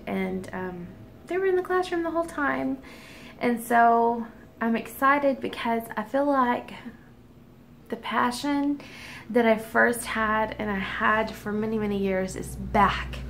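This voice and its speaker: A woman's voice: a little high, a little slow, vocal fry, slight background noise. A middle-aged woman teacher talking candidly at home in a casual vlog, chatty with frequent ums. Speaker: teacher and vlogger. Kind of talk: casual personal vlog chat.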